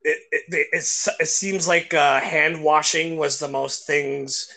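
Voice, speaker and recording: Bright-voiced man in his forties. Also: fairly high pitch, fairly even intonation, slow, vocal fry. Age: 40s. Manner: loose, profane, filler-heavy. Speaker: host. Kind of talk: casual conversation.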